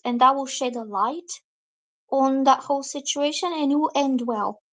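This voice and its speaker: A woman's voice: high voice, normal speed. A woman reading tarot cards on a live stream. She chats with her viewers, reads their comments out, and explains each card. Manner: lively, acts out quoted reactions. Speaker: tarot reader.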